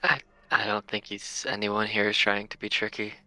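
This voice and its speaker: A man's voice: lowish voice, monotone, moderate pace, pushed and bright, no echo, poor audio. A man playing his character in a tabletop game, blunt and insistent with a wry edge. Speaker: player.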